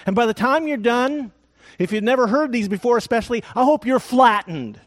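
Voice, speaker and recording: A male pastor preaching a sermon, telling an animated story with joking asides. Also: extremely high pitch, a little fast.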